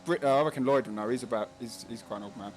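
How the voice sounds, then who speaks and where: Between laps, the Cockney-accented host of this laid-back live race stream cracks jokes and reads out chat. He speaks very fast with a mid-range voice. A little hiss or hum sits under the audio.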